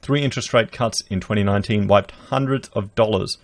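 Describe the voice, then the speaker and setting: Gravelly Australian man ranting at his viewers. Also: fairly low pitch, brisk. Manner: emphatic, rhetorical, addresses viewers as guys. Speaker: political commentary vlogger. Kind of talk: opinionated commentary reading news. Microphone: podcast dynamic mic.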